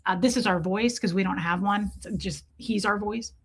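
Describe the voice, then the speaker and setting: Hoarse woman livestreamer, sardonic asides. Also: mid-range voice, fairly bright tone. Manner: sardonic, profane, slow drawn-out singing between quick asides. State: hoarse, voice worn from a long call. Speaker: livestream host. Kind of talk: casual livestream chat with mock singing.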